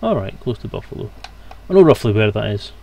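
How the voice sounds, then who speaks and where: A man's voice: lowish voice, sing-song, fast talker, vocal fry, darkish tone. A British man from Scotland, streaming a game and chatting casually with his viewers as he plays. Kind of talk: casual live-stream gaming commentary.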